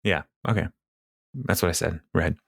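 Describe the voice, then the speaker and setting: Low-voiced man recapping a sitcom. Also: fairly even intonation, normal speed, vocal fry, no echo, clean studio sound. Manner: rambling, laughs often, acts out quotes. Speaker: podcast co-host. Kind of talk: casual recap chat.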